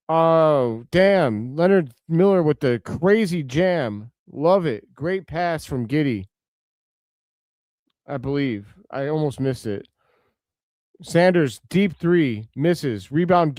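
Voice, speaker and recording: A man hosting a live watch-along stream, giving casual play-by-play and answering viewers' comments, with excitable outbursts over big plays. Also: fairly high pitch, takes it slowly, dry recording.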